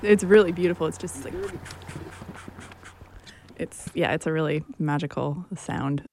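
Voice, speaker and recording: A woman's voice: deep voice, measured pace, very noisy. Chatty, upbeat young woman reporter. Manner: enthusiastic, chatty, many "like"s. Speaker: radio reporter. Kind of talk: casual radio chat.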